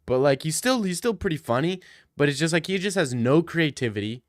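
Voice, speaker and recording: Young male comic ranter, slangy and mocking, a touch high, dry mic. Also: lively intonation, fairly quick, dry recording. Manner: slangy, jokey, slips into mock street talk. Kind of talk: mocking comedic rant.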